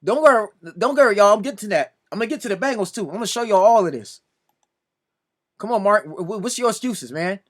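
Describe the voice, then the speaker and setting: A man's voice: sits high, expressive, fast talker. A man hosting a sports reaction video, talking casually and sounding exasperated as he argues with another commentator, pleading over and over. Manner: exasperated, repeatedly pleading "come on now"; addresses another commentator directly.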